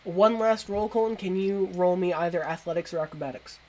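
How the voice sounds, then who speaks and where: A man's voice: high voice, a little fast, darkish tone. A man running a tabletop game as game master, narrating with frequent laughs and hesitant fillers.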